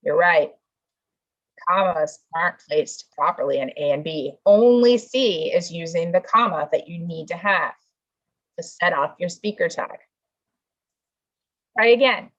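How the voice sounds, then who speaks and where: A woman's voice: fairly low pitch, lively intonation, moderate pace, slightly rough. A woman teacher giving an online class lesson over a video call, checking answers aloud and coaxing her students along. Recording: dull lo-fi video call audio.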